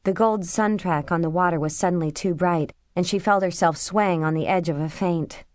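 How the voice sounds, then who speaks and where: In a steady, measured delivery, a woman with a lowish voice for a woman narrates a scripted audiobook. The recording is close and dry, captured on a close studio mic without any room sound.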